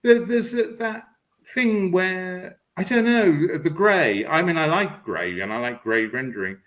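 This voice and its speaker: A man's voice: sits high, lively intonation, unhurried, fairly bright tone, low-quality recording. A man chatting on a video call, telling stories about himself and laughing as he goes. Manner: storytelling, self-mocking, laughing. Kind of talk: casual chat on a video call.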